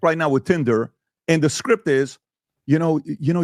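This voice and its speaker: A man's voice: fairly high pitch, animated, normal speed, a little mellow, dry recording, clean studio sound. A male podcast host in a heated debate, talking emphatically and firing rhetorical questions.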